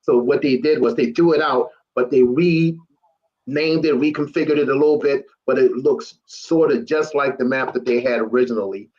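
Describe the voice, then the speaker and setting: A man on a political panel lays out a local story in an earnest, halting way, often restarting his sentences. His voice sits at an ordinary pitch. The recording sounds slightly dull and lo-fi. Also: a little mellow. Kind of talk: political discussion.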